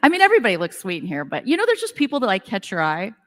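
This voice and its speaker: A middle-aged woman races through casual, self-deprecating stories at a women's business event, her medium-pitched, slightly bright voice swooping wildly in pitch. She's chatty and says "like" constantly to the live audience, and the conference room adds a hall's long reverb.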